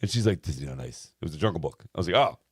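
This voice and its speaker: A man co-hosting a casual chat show, telling animated stories quickly and swearing freely. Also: very deep voice, breathy edge, no room sound, clean studio sound. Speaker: podcast co-host.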